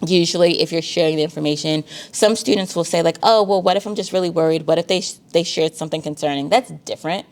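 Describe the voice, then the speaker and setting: Low gravelly-voiced woman counselor. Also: fast, hardly any pauses. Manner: conversational, uses y'all and filler likes. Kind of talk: casual talk on teen dating safety.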